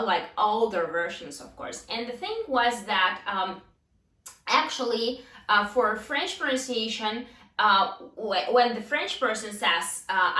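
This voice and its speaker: Woman teaching grammar, bright voice, echoey room, kinda far from the mic. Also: medium pitch. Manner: explains slowly with many fillers and restarts, asks and answers her own questions. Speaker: English teacher. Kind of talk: online grammar lesson.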